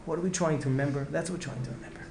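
Rapid-fire and a little high, with a darkish tone, this man teaches Torah as an earnest rabbi who keeps repeating and restarting his phrases while using Hebrew and Yiddish words. A slight hiss or hum and faint ambience come through the echoey room.

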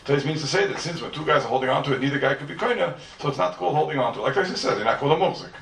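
A man's voice: fairly high pitch, expressive, racing, gravelly, a bit bright. A man teaching a Talmud class to students, firing rhetorical questions and repeating his phrases for emphasis. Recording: echoey room, mic far off, faint noise.

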